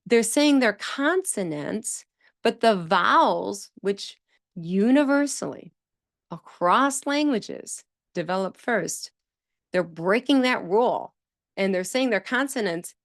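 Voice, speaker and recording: A woman's voice: medium pitch, no room sound, clean studio sound. A woman hosting a speech therapy podcast, explaining in a conversational, emphatic way. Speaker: speech-language pathologist podcast host. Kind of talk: solo educational podcast talk.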